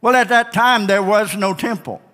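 High-voiced, fervent man preaching in a reverberant church. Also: normal speed, sharp tone. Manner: emphatic, repetitive preaching with whooping exclamations. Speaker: pastor. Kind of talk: Sunday night sermon.

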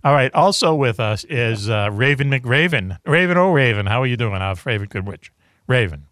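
A man's voice: medium pitch, animated, normal speed, a bit bright, no echo, clean studio sound. A man hosting a radio talk show in a rambling, jokey way, often tripping over his words. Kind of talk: casual radio chat.

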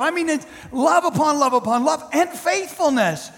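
High-voiced male preacher in a reverberant hall. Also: lively intonation, vocal fry, a bit bright. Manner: emphatic, repetitive preaching with drawn-out stresses. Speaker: pastor. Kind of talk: sermon.

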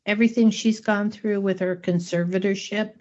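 A woman's voice: mid-range voice, steady tone, normal speed, a little mellow. A woman co-hosting a casual film-discussion chat, taking her time and laughing often. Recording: dull lo-fi recording.

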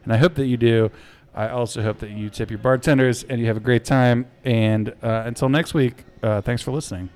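A man's voice: mid-range voice, steady tone, fairly quick, darkish tone. A man co-hosting a podcast in a casual, joking chat and signing off the episode. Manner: upbeat, joking, wraps up the show. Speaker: podcast co-host.

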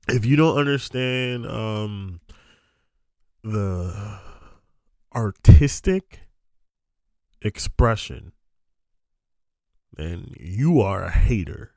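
A man's voice: fairly low pitch, dry recording, studio quality. A young man hosting a podcast, telling a story in a casual, profane, ranting way with frequent laughs. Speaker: podcast host.

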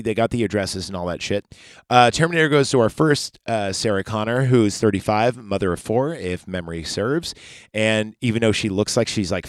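A man's voice: lowish voice, a bit bright, no room sound, studio quality. A man hosting a casual podcast, recapping a movie from memory with profane, rambling rants and asides. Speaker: podcast host.

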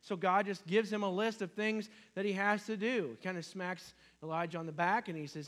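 A man's voice: sits high, fairly even intonation, brisk, hardly any pauses, fairly bright tone, slight background noise. A man preaching a sermon in a conversational way, often asking "right?" and acting out whispered lines. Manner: conversational, with frequent "right?" asides; acts out dramatic whispered lines as God.

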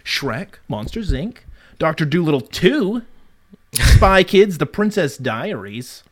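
A man co-hosts a casual movie podcast, sounding animated and laughing often as he ticks through lists of films. His voice sits fairly high for a man. It swings widely up and down as he talks. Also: slow pace. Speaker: podcast co-host.

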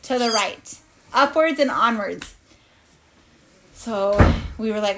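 A woman's voice: medium pitch, unhurried, pauses often, fairly bright tone, a little hiss or hum. A woman telling a playful, improvised children's story and acting out animal voices and sound effects.

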